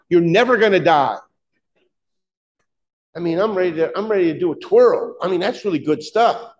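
A man preaching a sermon, emphatic and fervent, often questioning his listeners, with halting restarts and "uh" fillers. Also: sits high, animated, low-quality recording. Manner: emphatic, rising to fervent peaks, asks the congregation questions.

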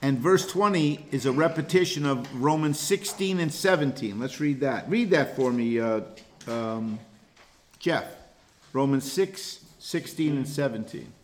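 A man's voice: medium pitch, a little slow, slight background noise. A man teaching a casual Bible study class, talking earnestly and often repeating words while he gathers his thoughts.

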